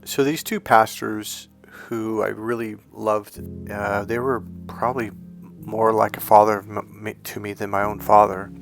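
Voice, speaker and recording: A man's voice: fairly low pitch, little pitch movement, unhurried, creaky, faint music behind. A man, a coach, telling a personal story in an earnest, rambling way, often correcting himself mid-sentence. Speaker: dating and healing coach.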